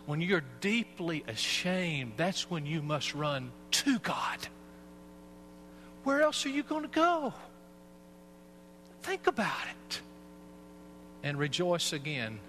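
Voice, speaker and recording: A man's voice: medium pitch, noisy background. A man, a pastor, preaching a sermon and telling a personal story in an earnest way. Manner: earnest storytelling, acts out voices.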